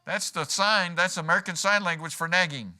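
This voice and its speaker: A man's voice: high voice, a little fast, pushed and bright. A man preaching a sermon in a church, folksy and joking, acting out quoted lines as he goes. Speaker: pastor. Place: church sanctuary.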